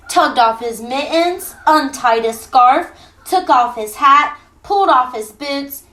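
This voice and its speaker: Teacher reading to kids: woman, high voice, slow unhurried pace, playful and animated. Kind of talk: reading a picture book aloud to children.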